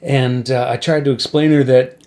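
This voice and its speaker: A man hosts a podcast and tells a rambling, wry story about life on the road. He speaks at a middle pitch. He becomes lively whenever he acts out what other people said. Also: normal speed. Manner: wry anecdote-telling, animated when acting out quotes. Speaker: podcast host and musician. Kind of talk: casual storytelling to a guest.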